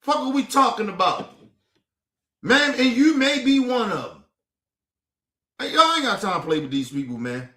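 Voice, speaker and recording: High-pitched ranting man, echoey room. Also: very animated, normal speed, pauses often. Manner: profane, exasperated ranting, rising to shouts. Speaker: political commentary streamer. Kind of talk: casual heated commentary.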